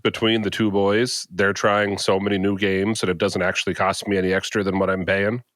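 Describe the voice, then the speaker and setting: A man's voice: deep voice, level tone, a little fast, a bit bright, no echo, studio quality. A man co-hosting a podcast in casual chat, plain and matter-of-fact. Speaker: podcast co-host.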